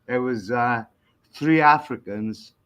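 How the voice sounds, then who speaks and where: A man hosting a casual chat show. He talks in an easygoing way, laughs, and pauses on fillers. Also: medium pitch, a bit bright, clear, resonant tone.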